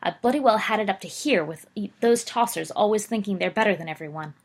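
A woman's voice: mid-range voice, fast talker, close to an everyday voice. A woman voicing a fiery, angry young schoolboy in a storybook reading, speaking fiercely through clenched teeth. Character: angry, fiery schoolboy, eleven years old.

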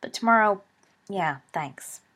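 A woman voicing a gentle, patient teenage boy wizard encouraging a friend in a storybook reading. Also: mid-range voice, expressive, measured pace, breathy edge. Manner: gentle, reassuring.

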